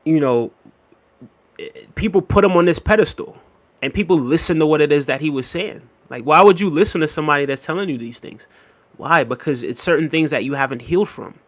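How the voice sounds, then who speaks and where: A man hosting a spiritual live stream, casually chatting and reading viewer comments aloud, with a relaxed, easygoing delivery and frequent "right?" check-ins. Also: on the high side. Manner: relaxed, conversational, laughs often, frequent "right?" and "big up". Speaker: livestream host reading chat.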